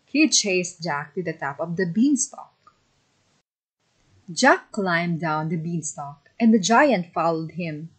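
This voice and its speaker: A woman narrating a children's fairy tale in a slow, simple storybook manner. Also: on the low side, lively intonation, husky, poor audio.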